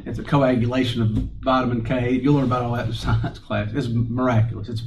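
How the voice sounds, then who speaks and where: A man's voice: mid-range voice, level tone, a little fast. A man preaching a sermon, folksy and conversational, asking rhetorical questions and chuckling between points. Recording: distant mic with faint room noise.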